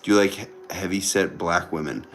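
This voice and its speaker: A man's voice: sits low, a little fast, a bit bright, slight background noise. A young man hosts a casual livestream from home. He reads viewer comments aloud, banters with them and often repeats his phrases. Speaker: livestream host. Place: indoors at home with a TV on.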